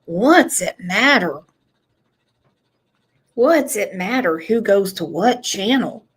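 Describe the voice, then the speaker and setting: A woman's voice: medium pitch, lively intonation, slightly rough. A woman hosting a true-crime livestream, chatting casually and joking with her viewers. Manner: playful, joking, drawn-out. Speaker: true-crime channel host.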